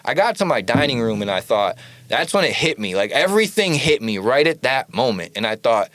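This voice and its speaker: A man telling a story as a podcast guest, animated and full of casual "like"s, acting out the lines he quotes. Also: medium pitch, fairly quick, no room sound. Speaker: podcast guest, studio owner.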